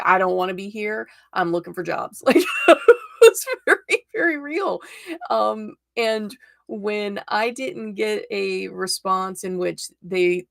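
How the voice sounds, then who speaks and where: A woman reads tarot cards on a live stream, talking in a casual, encouraging way and laughing often. Her voice sits low and has a gravelly texture. The sound is dry and close, with no room echo. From United States.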